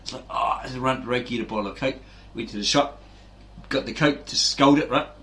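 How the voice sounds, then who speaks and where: A man's voice: mid-range voice, a little fast, vocal fry. Rambling man telling stories. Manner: animated, acts out quoted voices, frequent "right?" tags. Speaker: fitness video host. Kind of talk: rambling casual storytelling.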